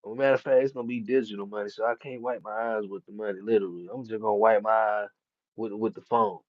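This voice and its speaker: A man's voice: lowish voice, fairly even intonation, fast, dry recording, muffled recording. A man chatting casually about boxing, heavy on street slang and profanity, laughing often. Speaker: boxing commentator. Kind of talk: casual chat.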